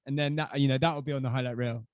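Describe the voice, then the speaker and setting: A man's voice: medium pitch, steady tone, rapid-fire, no room sound. A man hosting a podcast, asking questions and joking in a tongue-in-cheek way. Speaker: podcast host. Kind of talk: casual chat.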